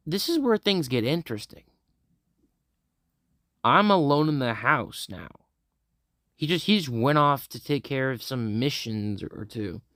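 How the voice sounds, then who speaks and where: A man's voice: mid-range voice, a bit bright, no room sound, clean studio sound. A young man casually telling a first-person fan story, rambling with many restarts, sighs and laughs.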